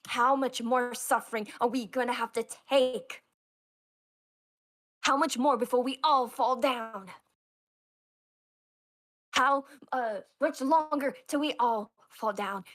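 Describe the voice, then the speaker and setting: A woman's voice: on the high side, slow pace, long pauses, a bit bright. A woman acting as game master, narrating a tabletop role-play with dramatic, stammering storytelling.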